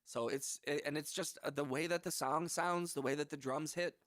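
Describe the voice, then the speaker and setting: A man's voice: a little high, steady tone, normal speed. A young man, a music producer, chatting casually on his livestream in a laid-back, rambling, slangy way. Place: home music studio. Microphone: studio microphone.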